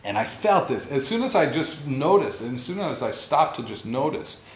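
A man's voice: medium pitch, sing-song, normal speed, a little hiss or hum. A man giving an informal spiritual talk as a teacher, reflective and storytelling, laughing now and then. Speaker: meditation or yoga teacher. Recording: echoey room with faint ambience.

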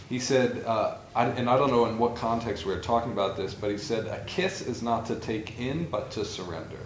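A man's voice: medium pitch, slight background noise. A man giving an informal spiritual talk as a teacher, reflective and storytelling, laughing now and then. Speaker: meditation or yoga teacher. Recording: echoey room with faint ambience.

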